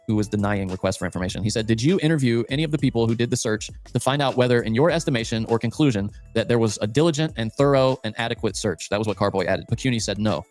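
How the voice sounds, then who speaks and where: A man's voice: medium pitch, a little mellow. A man hosting a podcast in casual chat, rambling as he retells news stories and restarting his sentences often. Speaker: podcast host.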